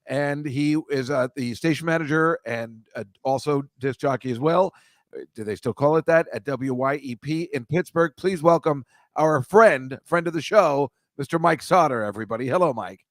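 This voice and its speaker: A man's voice: on the high side, moderate pace, no room sound, clean studio sound. Chatty middle-aged male podcast host. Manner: chatty, rambling, jokey asides to the chat. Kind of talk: casual livestream chat with viewers.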